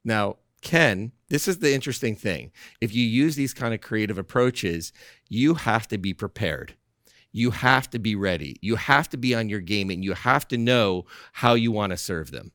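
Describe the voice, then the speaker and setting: A man as a podcast guest, telling a story in an animated, persuasive way and acting out the dialogue. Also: on the low side, normal speed, no echo, studio quality. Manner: animated, acts out dialogue from his own story. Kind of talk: storytelling in conversation.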